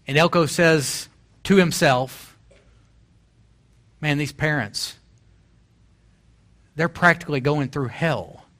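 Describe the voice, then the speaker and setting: A man's voice: medium pitch, a bit bright. A man in his forties preaching a sermon as pastor, telling stories and building to emphatic exhortation. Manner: storytelling, rising to emphatic exhortation.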